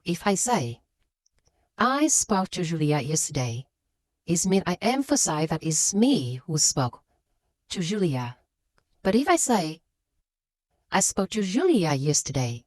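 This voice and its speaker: Her voice fairly low yet very animated, a woman teaching English reads a scripted lesson and pushes forcefully on the words she wants to emphasize. It's a close, dry recording with no echo or room sound.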